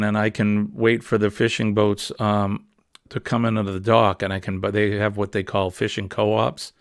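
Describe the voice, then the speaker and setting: A man's voice: fairly low pitch, clean tone, no echo, clean studio sound. A man with a New England accent hosting a casual, rambling morning livestream chat. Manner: chatty, rambling, easygoing. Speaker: livestream host.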